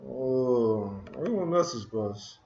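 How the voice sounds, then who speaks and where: Muttering to himself in frustration, a man searches for a missing tool during a casual live coding session at his computer. His mid-range voice is slow with lively intonation, vocal fry, and a dark tone, captured reverberant and lo-fi with slight hiss or hum amid typing and clicking.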